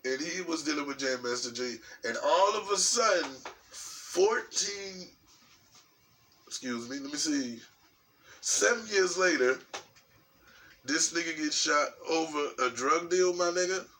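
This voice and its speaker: A man from New York talking in a casual, rambling commentary vlog, profane and animated, with frequent restarts. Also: on the high side, measured pace. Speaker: vlogger. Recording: distant mic with faint background noise.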